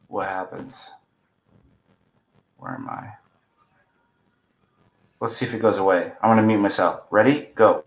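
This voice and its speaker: A man's voice: lowish voice, sing-song, measured pace, creaky, pauses often, echoey room. A man joining a podcast over a video call, chatting casually and joking. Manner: joking, playful. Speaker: podcast guest.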